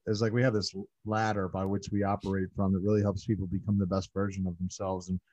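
Male podcast host, relaxed and encouraging; low voice, dry, muffled lo-fi audio. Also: fast talker, no echo. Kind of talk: casual interview chat.

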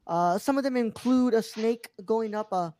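A woman's voice: on the high side, moderate pace, very noisy. A woman hosting a live group chat show, talking in a laid-back, rambling way with lots of fillers. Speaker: podcast host.

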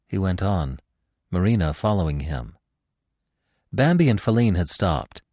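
A man with a deep voice narrates a classic tale. His reading swings widely in pitch and stays dramatic. The recording is dry and close. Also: animated, normal speed, a little mellow, no room sound. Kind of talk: scripted audiobook narration.

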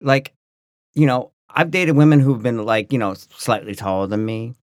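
A man co-hosting a podcast, telling a story in a rambling, animated way full of restarts and fillers. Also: medium pitch, moderate pace, no echo, studio quality. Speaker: podcast co-host. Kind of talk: casual storytelling chat.

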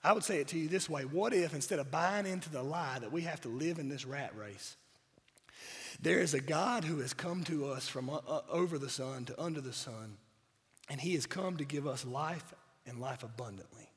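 A man from South Georgia with a Southern accent, preaching a sermon while hoarse from a cold, mixing wry jokes to the congregation into his points. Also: a little high, lively intonation, normal speed. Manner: wry, joking asides to the congregation. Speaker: pastor. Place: church sanctuary. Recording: church hall reverb.

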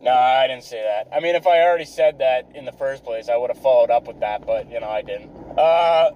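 A man's voice: mid-range voice, fairly quick, warm tone, far from the mic, muffled recording. Exasperated swearing man, mic held away. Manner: exasperated, rambling, heavy swearing. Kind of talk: profane comic storytelling.

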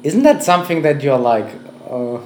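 A man's voice: on the high side, big pitch swings, moderate pace, darkish tone, echoey room, slight background noise. A man in a casual chat who answers stories with short reactions and questions.

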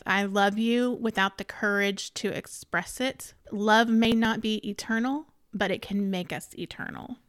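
A woman's voice: medium pitch, steady tone, unhurried, hardly any pauses, a bit bright, dry recording, studio quality. A woman co-hosting a book podcast in casual chat, teasing and encouraging her co-host.

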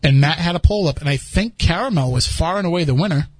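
A man's voice: on the high side, quick pace, breathy edge, no room sound. A man hosting a podcast, chatting casually and rambling with frequent restarts. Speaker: podcast host. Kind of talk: casual chat.

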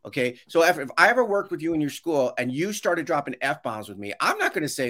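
A man's voice: fairly high pitch, fast talker, hardly any pauses. A man speaking as a guest in a casual interview over a video call, telling stories with many restarts and acting out what others said. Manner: animated storyteller, acts out quotes, many restarts. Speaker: podcast guest, education consultant. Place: home office with shelves.

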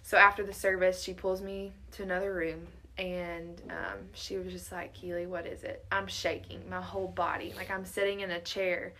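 A woman's voice: lowish voice, level tone, moderate pace, hardly any pauses, pushed and bright, slight background noise. A college-aged woman earnestly telling a personal faith story in casual chat, often quoting her own thoughts. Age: around 20. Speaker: guest sharing testimony.

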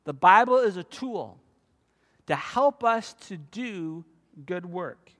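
A man in his fifties preaching a sermon as a pastor, telling stories with animated emphasis. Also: high voice, takes it slowly. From United States. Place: church sanctuary. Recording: long reverb of a church hall.

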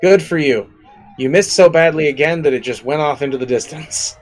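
A man narrating as game master in a tabletop game, relaxed and laughing, thinking aloud with fillers as he goes. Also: fairly high pitch, a little fast, poor audio.

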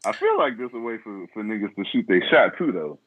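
A man's voice: lowish voice, huge pitch swings, brisk, phone-quality sound, slight background noise. A man co-hosting a casual chat, telling stories in a laid-back way and laughing a lot.

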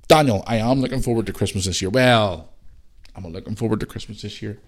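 Low-voiced belfast guy rambling on his podcast, lots of ums and restarts, bit of swearing. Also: quick pace. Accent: Northern Irish (Belfast). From Northern Ireland. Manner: rambling, chatty, with frequent restarts, fillers and the odd swear. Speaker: podcast host. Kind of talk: casual solo podcast chat.

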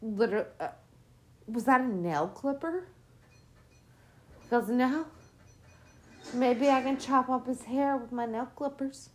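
A woman's voice: fairly high pitch, a little slow, long pauses, a little mellow. A woman podcast host giving casual movie commentary, swearing a lot and ranting in an exasperated, sarcastic way.

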